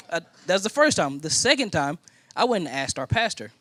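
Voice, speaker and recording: A man's voice: high-pitched, fairly quick. A man from Indiana preaching a sermon as a personal story, acting out the other people in it. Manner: animated storytelling, acting out quoted voices. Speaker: pastor.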